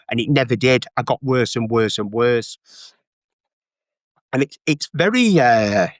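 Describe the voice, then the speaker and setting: A man's voice: mid-range voice, no echo, studio quality. A man, talking candidly and with emotion as an interview guest, often repeating his phrases. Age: 40s.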